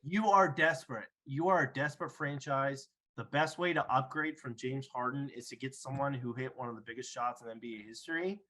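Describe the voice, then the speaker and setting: A man's voice: mid-range voice, a little fast, hardly any pauses, bright, forceful tone, low-quality recording. A young man hosting a podcast, arguing his sports take emphatically and repeating himself to make his point. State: hiccuping after drinking. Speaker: podcast host. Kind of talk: casual sports debate.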